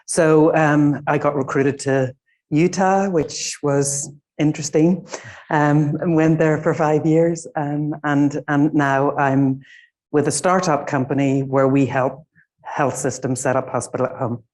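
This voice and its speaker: A woman's voice: deep voice, fairly even intonation, unhurried, a little mellow. A middle-aged Irish woman giving a conference presentation in a small room, speaking informally with many fillers. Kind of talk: conference talk.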